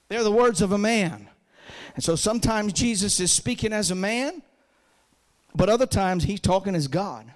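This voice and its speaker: High-voiced preaching man. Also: expressive, moderate pace. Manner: preaching, rising to shouts and dropping low. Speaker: pastor. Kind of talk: sermon.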